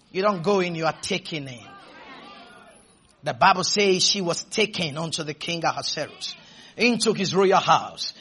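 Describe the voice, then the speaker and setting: A man preaching a sermon, stretching his words out and shouting, then leading the congregation in call-and-response. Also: a little high, expressive, moderate pace, some chatter behind.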